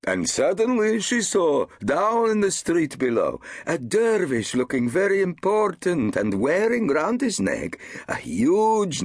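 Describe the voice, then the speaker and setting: A man puts on a cafe storyteller who spins his tale with theatrical flair and bristles at every interruption. The voice sits high above the reader's usual register, swooping with expression. A dry, close audiobook read. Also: no room sound, full character voice. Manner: theatrical, touchy when interrupted. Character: defensive, indignant male cafe storyteller. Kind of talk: audiobook character voice.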